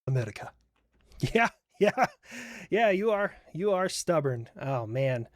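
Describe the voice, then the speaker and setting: A man's voice: on the high side, very animated, unhurried, dry recording. A man streaming a reaction video, joking crudely and swearing often. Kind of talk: casual reaction commentary.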